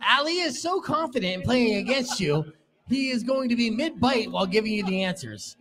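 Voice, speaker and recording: A man hosting a live game at a bar event, teasing the players with a quick, playful announcer delivery. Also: very high voice, animated, a bit bright. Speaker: radio host running a live game.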